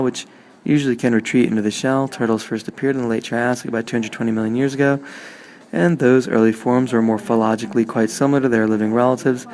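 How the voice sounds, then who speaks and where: A man doing an impression of a male politician, rattling through exhibit text in a hurried monotone. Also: mid-range voice, close to an everyday voice.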